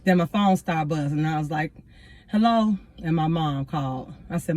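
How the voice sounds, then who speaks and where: This woman's deep, darkish voice moves at a normal pace. She's a teacher parked in her car, sharing something personal with her audience, whom she calls "y'all." Her telling is relaxed, sincere and thoughtful, drifting now and then into spiritual territory.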